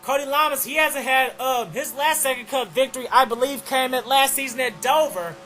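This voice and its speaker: Young male race caller: very high, bright tone, breathless and excitable. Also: fairly quick, soft background music. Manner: excitable, keeps saying "oh man". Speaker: race commentator. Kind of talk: excited play-by-play commentary.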